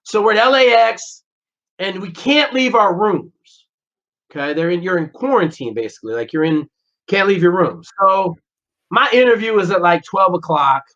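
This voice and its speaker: Here a former Navy SEAL, a podcast guest, tells his story in a crude, straightforward way and acts out what people said. His voice sits high and a bit bright, animated but at normal speed. The casual interview is recorded in lo-fi audio that sounds slightly dull.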